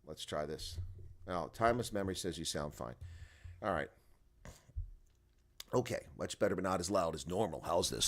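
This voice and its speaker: The man's voice sits low, expressive and a little fast, as he rambles to chat viewers on an early-morning rugby live stream from home. He sounds tired and groggy at his desk microphone, its volume turned up.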